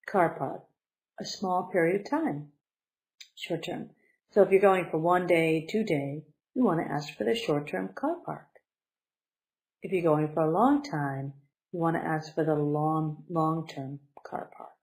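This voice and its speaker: A woman teaching a beginner English lesson, speaking slowly and deliberately and stressing syllables to model pronunciation. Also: deep voice, vocal fry, darkish tone, rough recording.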